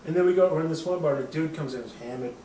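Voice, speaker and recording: A man's voice: a little high, racing, mellow, slight background noise. A man in his thirties from the American Midwest, hosting a podcast and telling a long, rambling, profane story with frequent laughs. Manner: rambling, profane, laughs often, puts on quoted voices. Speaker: podcast host. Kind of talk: casual storytelling. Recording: echoey room, mic at a distance.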